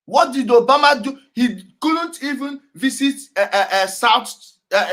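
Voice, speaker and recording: High, bright-voiced man commenting. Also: lively intonation, moderate pace, hardly any pauses. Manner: emphatic, repeats key words, laughs often. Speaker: host reacting to clips. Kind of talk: animated commentary over clips.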